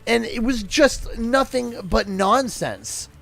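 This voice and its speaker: A young man with a Canadian accent and a high, light voice, chatting on a gaming livestream. He's giggly and excitable, breaking into laughter as he reads out chat, with faint game music under him. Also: takes it slowly, creaky. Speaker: streamer.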